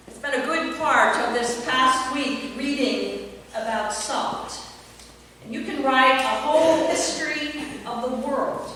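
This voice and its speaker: A woman pastor preaching a sermon slowly and emphatically, with long pauses. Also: high-pitched, bright, forceful tone, slight background noise. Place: church sanctuary. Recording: echoey church hall from far off.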